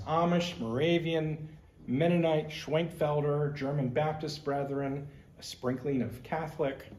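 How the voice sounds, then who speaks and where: A man's voice: on the high side, darkish tone, echoey room. A man giving a conversational history lecture as a museum curator, explaining with slides and personal asides.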